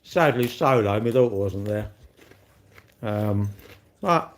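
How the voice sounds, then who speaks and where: A man's voice: on the low side, animated, slow pace, slight background noise. An older man, chatting casually on a live stream, blunt and teasing as he answers comments. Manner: blunt, teasing banter with chat. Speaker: livestreamer.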